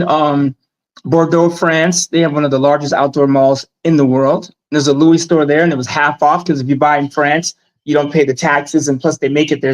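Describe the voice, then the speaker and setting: Animated man, casual storytelling. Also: a little high, rough recording. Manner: animated, storytelling, emphatic asides. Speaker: guest. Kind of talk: casual live-stream chat.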